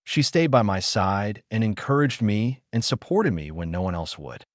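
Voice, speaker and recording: A man's voice: lowish voice, big pitch swings, moderate pace, no room sound, studio quality. A man voicing a young prince who was once mocked and now stands up for those he cares about, read in an earnest, plain way. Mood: indignant. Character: young male prince, formerly mocked, protective.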